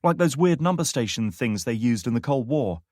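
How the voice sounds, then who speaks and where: Reading an audiobook, a man lightly acts the part of an eager man explaining technical findings, pitching above his own natural voice. The delivery is medium-pitched, a little mellow, lively in intonation, and moderately paced, in studio quality with no room sound.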